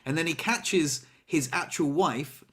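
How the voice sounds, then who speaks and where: A man chatting casually, spinning an animated tale and slipping into the voices of the people in it. His voice sits a little high for a man. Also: unhurried. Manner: animated storyteller, acts out quotes, laughs. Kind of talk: casual chat.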